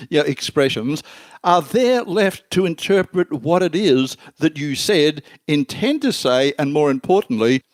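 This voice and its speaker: A man's voice: on the high side, no room sound. An older man, a marketing expert answering interview questions in an emphatic way that builds long lists of terms.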